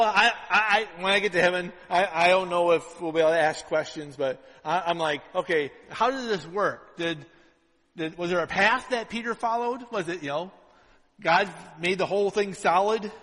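Man preaching in a reverberant hall. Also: high voice. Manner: conversational preaching full of "right?" asides; swings between loud and hushed delivery. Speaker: pastor. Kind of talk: sermon.

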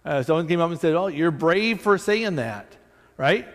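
A man's voice: on the high side, expressive, normal speed. A man preaching a sermon as pastor of a church, talking in a conversational, self-deprecating way with frequent restarts and asides. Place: church sanctuary. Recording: long hall reverb.

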